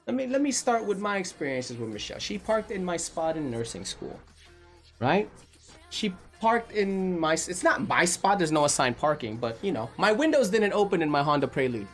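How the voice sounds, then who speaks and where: A man's voice: high-pitched, moderate pace, soft background music. A married man hosting a casual stream, chatting and reading viewer messages aloud as he tells stories. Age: adult, married. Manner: animated storyteller, reads chat messages aloud. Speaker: stream host reading chat. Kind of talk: casual chat.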